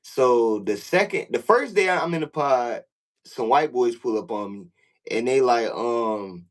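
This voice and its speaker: A young man, a podcast guest, telling a story in casual chat, loose and profane, full of filler phrases, getting louder when he acts out confrontations. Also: normal speed, poor audio. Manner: loose, profane, full of "like" and "you know what I'm saying"; gets loud and high when reenacting confrontations.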